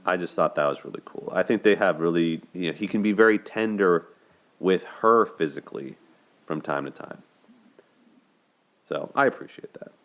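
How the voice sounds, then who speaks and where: Low-voiced man giving earnest commentary. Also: moderate pace, a bit bright. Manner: earnest, conversational, repeats words when restarting. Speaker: host discussing relationships. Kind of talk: solo video commentary.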